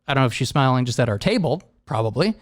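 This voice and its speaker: A man in his forties hosting a podcast, telling rambling stories in a casual, animated way and laughing often. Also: medium pitch, quick pace, no echo. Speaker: podcast host. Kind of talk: casual storytelling chat.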